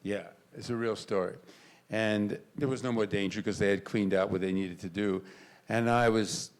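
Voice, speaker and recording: An older man tells stories to a convention crowd, his voice sitting fairly low. He gets animated and loud when he acts out the lines he used to shout. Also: moderate pace. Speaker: actor on convention panel. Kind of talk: storytelling on a panel. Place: convention panel stage.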